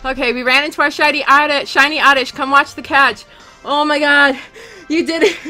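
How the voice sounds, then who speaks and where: A young woman live-streaming a game, rapidly thanking viewers and shaking with excitement. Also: high-pitched, faint music behind.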